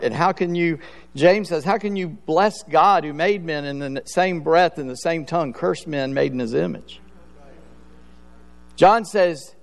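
Male preacher with a high voice, casual and slangy in delivery, recorded in a hall with a long echo. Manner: conversational preaching, acts out Bible scenes in slangy voices. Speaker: pastor. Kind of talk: sermon.

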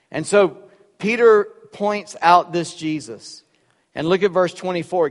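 A man's voice: high voice, measured pace, long reverb tail. A man preaching a sermon in a conversational, storytelling way with joking asides. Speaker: pastor.

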